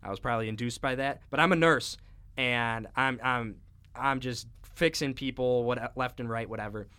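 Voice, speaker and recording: A man's voice: medium pitch, normal speed, sharp tone, clear, resonant tone. A man co-hosting a casual podcast, talking in a teasing, laid-back way with stumbling restarts. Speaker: podcast co-host.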